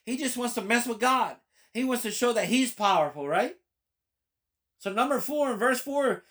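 A man's voice: very high-pitched, animated, normal speed, pushed and bright. A man preaching his testimony as a pastor, his delivery fervent and emphatic. He leans hard on key phrases and repeats them for weight while working through a passage of scripture. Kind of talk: personal testimony sermon reading scripture.

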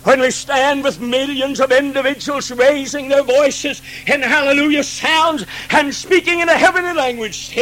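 A man preaching a Pentecostal sermon, swinging from hushed pleading to ringing cries and acting out God's pleading voice. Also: very high voice, fairly even intonation, normal speed, few pauses, low-quality recording.

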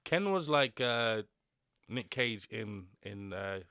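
A man's voice: on the low side, lively intonation, sharp tone, clear, resonant tone, no room sound, studio quality. A man co-hosting a podcast in casual chat, blunt and teasing. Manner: blunt, teasing, does quick impressions. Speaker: podcast co-host.

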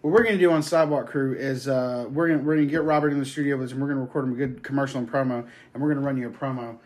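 A man's voice: medium pitch, fairly even intonation, rapid-fire, darkish tone. A man, hosting a podcast, telling long profane stories in casual chat. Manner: profane, rambling storyteller. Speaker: podcast host.

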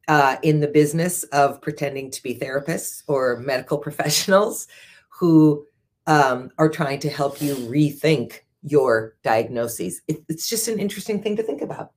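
Measured and steady, a low-voiced woman works through book passages aloud, now and then breaking away for relaxed personal comments. She hosts the show and is a CEO.

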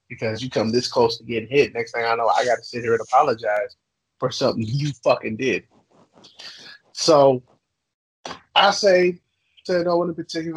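A man's voice: medium pitch, normal speed, pauses often, slightly rough, dry recording, low-quality recording. A man co-hosting a podcast, telling a heated story full of swearing and acting out what people said. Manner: heated, swearing, acts out quotes. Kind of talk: profane storytelling.

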